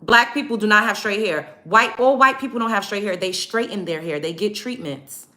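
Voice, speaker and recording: With a medium-pitched voice that's bright and forceful, she speaks at normal speed. The vlogger, who has an African American English accent, rants bluntly and sarcastically to camera while getting ready, swearing a lot along the way.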